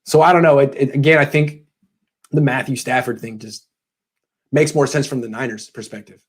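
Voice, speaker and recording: A man in his thirties answers viewer questions on a live sports show. He talks casually and thinks out loud, now and then slipping into sarcastic asides. His voice sits in a middle pitch. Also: fairly even intonation, moderate pace, slightly rough.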